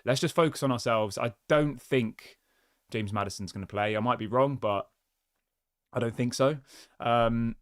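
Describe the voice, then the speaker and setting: A man's voice: medium pitch, moderate pace, no echo, clean studio sound. A man hosting his own football fan channel, chatting casually and thinking aloud with small restarts. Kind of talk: casual solo fan commentary.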